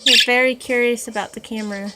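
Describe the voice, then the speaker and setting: A woman's voice: fairly high pitch, fairly even intonation, fast, very noisy. A woman filming her pet birds at home, cooing to them in sing-song baby talk. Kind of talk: casual home video, talking to pet birds.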